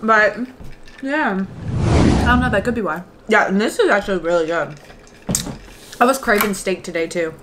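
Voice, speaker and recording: A woman's voice: medium pitch, lively intonation, normal speed, long pauses, heavy background noise. A woman co-hosting an eating show, chatting in an easygoing, giggly way between bites. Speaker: mukbang co-host. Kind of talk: casual chat while eating.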